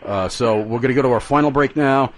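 A man hosting a call-in radio show, moving quickly between segments and reading out listener emails. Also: mid-range voice, slight background noise. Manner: brisk, reads listener emails aloud. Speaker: radio talk show host. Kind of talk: live call-in radio talk.

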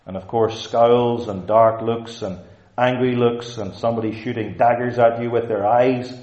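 A man preaching a sermon in an earnest, emphatic way, slowing down to stress key words. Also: mid-range voice, steady tone, a little mellow. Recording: roomy, dull lo-fi sound.

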